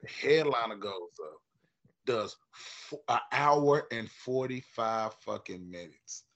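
A man, a stand-up comedian guesting on a podcast, telling profane, animated stories in casual chat. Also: medium pitch, slow pace, muffled recording. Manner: animated, profane, acts out quoted voices loudly.

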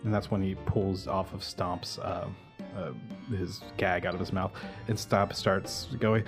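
Brief: low male game master narrating, halting with fillers, soft music behind. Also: level tone. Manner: descriptive, many fillers.

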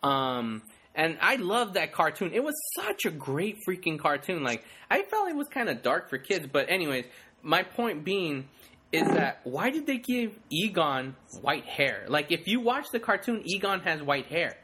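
A man's voice: a little high, sing-song, measured pace, pushed and bright, breathy edge. A man chatting casually as a podcast co-host, laughing often and acting out movie lines. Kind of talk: casual chat.

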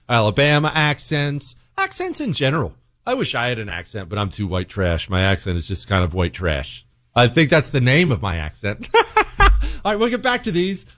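A man's voice: mid-range voice, a bit bright, dry recording. A man hosting a talk radio show, talking in a brash, sarcastic, opinionated way and joking with his producer. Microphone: studio microphone.

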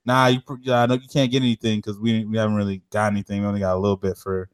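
A man's voice: on the low side, level tone, racing, smooth, no room sound, clean studio sound. Slangy young man ranting animatedly. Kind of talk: casual chat.

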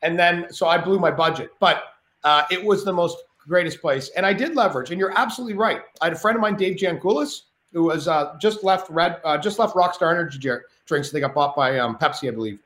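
With a voice on the high side and a fairly bright tone, a man talks briskly with few pauses as a podcast guest. His storytelling is casual and rambling, full of restarted sentences, recorded in a roomy space with faint noise.

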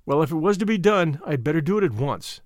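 Man, audiobook narration, measured storytelling, animated pitch, dry close sound. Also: no room sound. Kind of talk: audiobook narration of an adventure novel.

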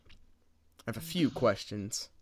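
A man's voice: on the low side, lively intonation, takes it slowly, a little mellow, husky, dry recording. A man co-hosting a podcast, chiming in with dry, wry comments. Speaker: podcast co-host. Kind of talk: casual chat.

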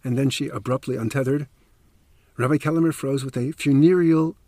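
A man's voice: medium pitch, normal speed, warm tone, no room sound. A man narrating a true story on a podcast, emphatic with wry asides, close to the mic.

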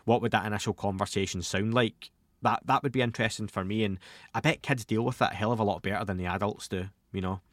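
A man's voice: on the low side, steady tone, quick pace, fairly bright tone, dry recording, clean studio sound. A man, hosting a podcast and answering listener questions in a casual, rambling way with self-deprecating asides.

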